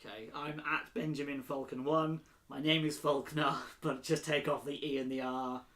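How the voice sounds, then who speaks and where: A man's voice: fairly high pitch, fairly even intonation, normal speed, fairly bright tone. A man co-hosting a casual podcast, full of goofy jokes and banter. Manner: goofy, jokey banter with frequent giggling. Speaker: podcast co-host.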